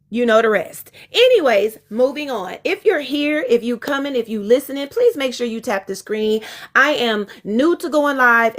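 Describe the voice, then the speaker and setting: A woman's voice: on the high side, fairly bright tone. A woman relationship coach chatting frankly on her live stream, laughing easily between exasperated asides. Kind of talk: casual live-stream talk.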